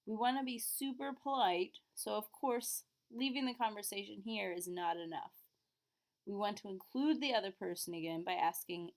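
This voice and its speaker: Woman, French teacher, patient, clear explanations, middle pitch. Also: normal speed. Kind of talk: classroom lesson recording.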